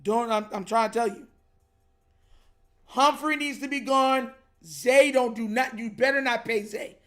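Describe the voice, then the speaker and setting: High-voiced man ranting on a livestream. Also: measured pace, sharp tone, faint music behind. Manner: frustrated, repetitive, slangy, says bro constantly. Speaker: livestream host reacting to a football game. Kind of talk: casual livestream rant.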